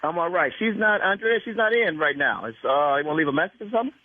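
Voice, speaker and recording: Indignant husband on a tinny phone line. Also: male voice, fairly high pitch, expressive, fast, dry recording. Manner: indignant, protective, repeats phrases back angrily. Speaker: prank call victim.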